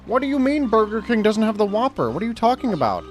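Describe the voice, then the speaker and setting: A man voicing an indignant American fast-food customer in a put-on American accent, loud and outraged. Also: animated, faint music behind, natural voice. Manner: loud, indignant, high-pitched shouting.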